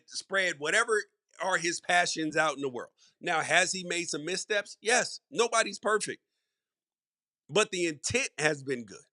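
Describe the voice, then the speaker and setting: A man's voice: a little high, bright, forceful tone, no echo, studio quality. A middle-aged man hosting a sports podcast, giving solo commentary in a conversational, emphatic way and repeating words for stress. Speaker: podcast host.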